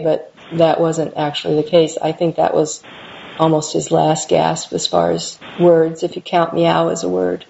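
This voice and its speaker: Middle-aged woman, low mellow voice, halting reflective interviewee, dull lo-fi recording with faint hiss. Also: monotone, gravelly. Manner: halting, reflective, many restarts. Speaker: interviewee, mother. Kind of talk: personal recollection interview.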